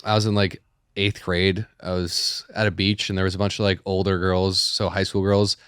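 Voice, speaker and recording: A man's voice: low-pitched, little pitch movement, moderate pace, fairly bright tone, smooth, no echo, studio quality. A man telling stories on a podcast, playful and self-mocking. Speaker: podcast co-host. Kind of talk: casual chat, storytelling.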